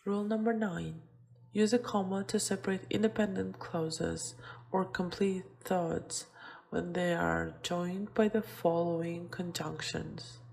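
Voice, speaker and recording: Slow, creaky-voiced woman teaching grammar. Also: on the low side, a little mellow. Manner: reads example sentences aloud, with self-corrections. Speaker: English teacher. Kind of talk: slow, deliberate grammar lesson.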